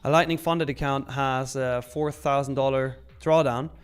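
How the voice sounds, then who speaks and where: A man's voice: medium pitch, fairly even intonation, normal speed, clean tone. A man hosting a live trading stream, talking casually and joking as he reads out chat messages.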